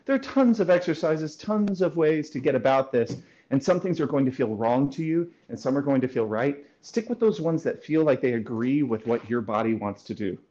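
A man speaking as a voice coach in a casual interview, explaining lively and demonstrating sounds as he goes. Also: mid-range voice, moderate pace, hardly any pauses, dull audio. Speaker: voice coach and guest.

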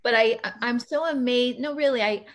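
A woman hosting a casual interview over a video call, emotional and quick to laugh, calling herself a big softie. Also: fairly high pitch. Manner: warm, emotional, laughs often. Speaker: podcast host.

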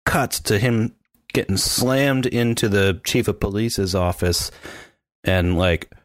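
A man co-hosting a podcast in casual chat, animated and mimicking sounds as he describes scenes. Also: fairly low pitch, slow pace, dry recording. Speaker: podcast co-host.

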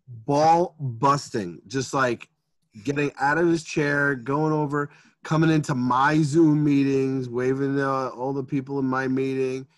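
A man in his thirties co-hosting a casual podcast, telling a story at a slow, unhurried pace. He acts out the things he said and sometimes bursts into shouting. His voice sits at an ordinary pitch and sounds dry and close to the mic. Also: no echo. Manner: animated, acts out quotes with sudden shouting. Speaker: podcast co-host.

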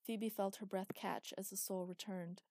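A woman narrating a fantasy story in an even, measured reading. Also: mid-range voice, no room sound.

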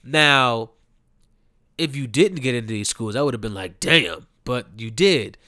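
A man's voice: medium pitch, lively intonation, measured pace, pushed and bright, no room sound, studio quality. A young adult man giving a profane, ranting commentary, heated and mocking, with emphatic repeated phrases. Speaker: commentary host.

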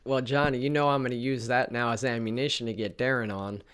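A man's voice: mid-range voice, clear, resonant tone. Male interviewer, casual, chatty, easygoing questions. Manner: relaxed, chatty, quick to laugh.

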